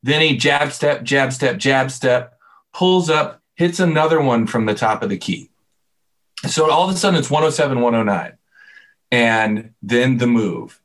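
Male co-host, animated storyteller recapping a game moment by moment. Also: mid-range voice, unhurried. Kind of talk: casual sports chat.

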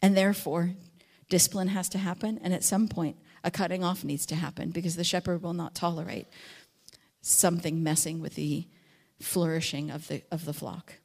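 A woman giving a teaching talk on a psalm, telling stories with acted-out voices and slowing down reflectively on key lines. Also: fairly low pitch, creaky. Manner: animated storytelling, acts out quotes and sheep with sudden loud voices; reflective, slows and softens on key verses. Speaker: Bible teacher.

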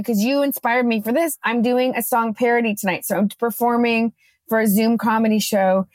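A woman co-hosting a podcast, chatting casually and telling a lively story, acting out her own quotes. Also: fairly high pitch, dry recording. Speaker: podcast co-host.

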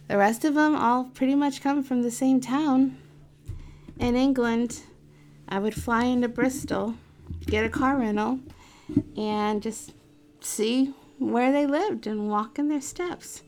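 A woman's voice: on the high side, darkish tone. A middle-aged woman casually telling a personal story, chatty and laughing often as she quotes others. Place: in Florida.

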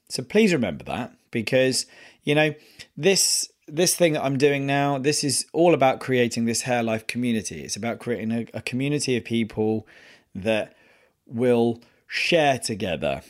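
A man hosting a podcast, telling a personal story in an earnest, halting way with many pauses and restarts. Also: mid-range voice. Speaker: podcast host.

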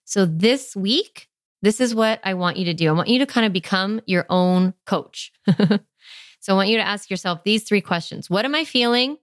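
A woman's voice: mid-range voice, expressive, moderate pace, dry recording, studio quality. A woman hosting a parenting podcast, talking in a chatty, conversational way and using a lot of filler words. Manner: warm, chatty, lots of "like" fillers. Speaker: parenting podcast host and coach. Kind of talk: podcast monologue.

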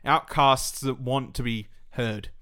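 A man co-hosting a casual gaming podcast, animated and swearing freely as he chats. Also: mid-range voice, takes it slowly, clear, resonant tone. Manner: animated, swears freely, breaks into mock voices. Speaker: podcast co-host.

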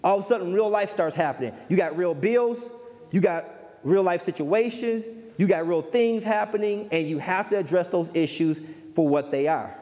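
A man preaching a sermon who repeats key phrases slowly and asks the audience questions. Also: high voice, animated, warm tone, long reverb tail. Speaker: minister.

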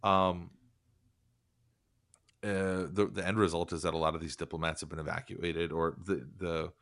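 Deep-voiced sardonic man chatting casually. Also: little pitch movement, moderate pace, fairly bright tone, no room sound, clean studio sound. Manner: rambling, profane, sardonic. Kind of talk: casual political chat.

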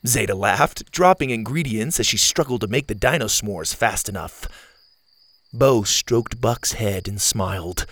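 A man's voice: on the low side, a little slow, no echo, studio quality. A man hosting a children's story show, reading aloud and talking to young listeners in an upbeat, direct way. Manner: warm, upbeat and direct to kids. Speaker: storyteller host.

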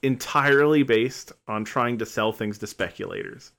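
A man's voice: mid-range voice, normal speed, fairly bright tone. A man co-hosting a podcast, chatting casually with a joking, rambling manner. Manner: joking, rambling, self-interrupting. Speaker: podcast co-host.

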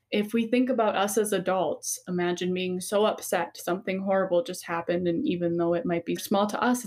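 A woman co-hosting a podcast, explaining with earnest empathy in a casual, conversational way. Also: medium pitch. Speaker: podcast co-host.

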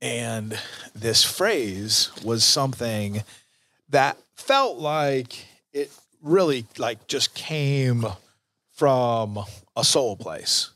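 A man's voice: mid-range voice, animated, very slow, sharp tone, no echo. A middle-aged man hosting a podcast, telling a personal story in a casual, earnest way with many fillers. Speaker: podcast host.

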